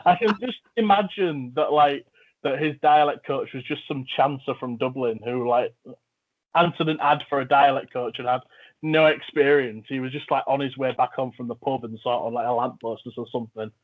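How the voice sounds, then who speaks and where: Male podcast host, jokey and eager, mid pitch, narrow phone-like audio. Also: normal speed. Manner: enthusiastic, jokey. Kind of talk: casual film chat.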